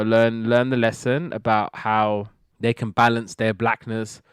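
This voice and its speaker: A man's voice: on the low side, smooth, dry recording, clean studio sound. A man hosting a podcast, retelling TV episodes in a rambling casual way and acting out the characters' lines. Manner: rambling retelling, acts out quotes. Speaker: podcast host reviewing TV shows. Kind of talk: casual recap chat.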